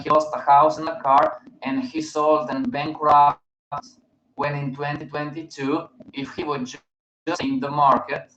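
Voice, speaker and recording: A man's voice: a little high, a bit bright, slight background noise. A man hosting a live webinar, speaking emphatically and often checking in with his listeners. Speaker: host, market educator. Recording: roomy, dull stream audio.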